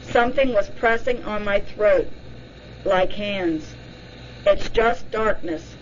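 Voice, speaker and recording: A woman's voice: mid-range voice, takes it slowly, a little hiss or hum, natural voice. Brief: woman reading a fearful hypnosis subject, short broken phrases, lo-fi sound. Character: frightened woman trapped in darkness under hypnosis.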